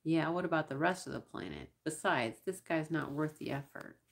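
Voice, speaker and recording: A woman's voice: low voice, lively intonation, normal speed, gravelly. A woman voicing a short male pirate crewman who snaps and sneers with contempt. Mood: sneering.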